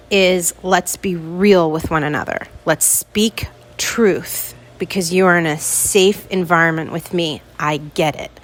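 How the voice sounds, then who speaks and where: A woman hosting a podcast, chatting casually and speaking straight to her listeners. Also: lowish voice. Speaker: podcast host.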